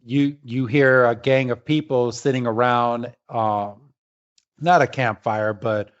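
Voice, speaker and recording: A man co-hosting a podcast in casual chat, retelling the plot with halting fillers. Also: medium pitch, steady tone, muffled recording. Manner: rambling, halting, with many fillers. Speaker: podcast co-host.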